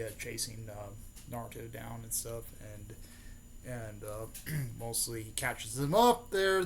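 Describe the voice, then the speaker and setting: Young guy rambling thru a story recap, um and uh everywhere, ordinary middle voice, bit of hiss. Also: medium pitch. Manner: rambling, many fillers and restarts, keeps adding "there" and "mostly". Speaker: YouTuber. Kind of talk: casual fan-theory storytelling.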